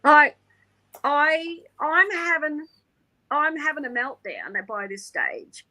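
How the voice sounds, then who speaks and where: A woman, an interview guest, tells a personal story in an animated way, laughing often and acting out the people she quotes. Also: sits high, slow pace, rough recording.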